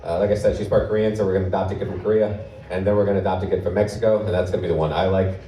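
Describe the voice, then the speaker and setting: A man's voice: low-pitched, fairly even intonation, racing, dark tone. A man in his thirties from Portland, Oregon, performing a live stand-up comedy set with a wry, offhand, self-deprecating delivery. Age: 30s. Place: comedy club stage with live audience. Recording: roomy live club sound from a distance, audience laughter.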